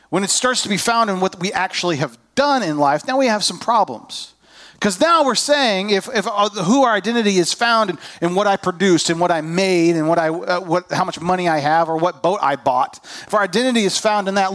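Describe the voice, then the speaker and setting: A man's voice: high voice, fairly bright tone. A man preaching a sermon as a pastor, conversational and self-deprecating, acting out people's inner voices.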